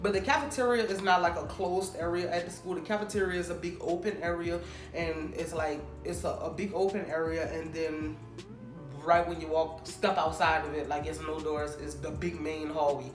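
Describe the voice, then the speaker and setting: A young woman casually telling a storytime, animated and acting out the people she quotes. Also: low voice, normal speed, echoey room, music in the background. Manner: animated, acts out quoted people in raised voices. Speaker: storytime vlogger.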